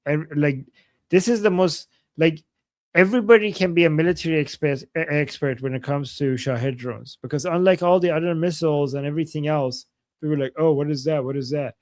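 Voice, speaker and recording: A man from Iran co-hosting a casual news commentary, excitable and exclaiming often. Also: on the high side, a little fast, dry recording, studio quality. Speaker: co-host.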